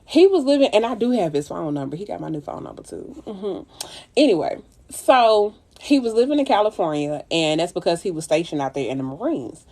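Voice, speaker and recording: Animated, profane woman telling a story. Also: on the low side, a little fast. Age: 30s. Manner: animated, profane, swoops way up when exclaiming. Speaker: makeup livestreamer. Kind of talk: casual storytelling while doing makeup. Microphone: phone.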